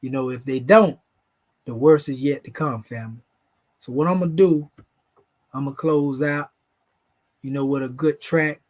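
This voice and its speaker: A man's voice: medium pitch, moderate pace, pauses often, darkish tone. A man with a Southern US accent hosting a late-night livestream, reciting spiritual invocations in a preachy way and calling his listeners "family". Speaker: channel host.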